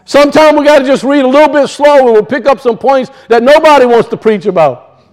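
High-voiced man preaching a sermon. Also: a little fast, darkish tone. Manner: emphatic preaching with rhetorical questions and colloquial asides. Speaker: pastor.

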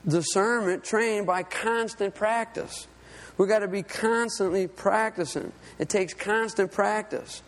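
A man's voice: sits high, unhurried, long reverb tail. A man preaching a sermon, telling a personal story in an earnest, conversational way. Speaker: lay preacher and fishing guide.

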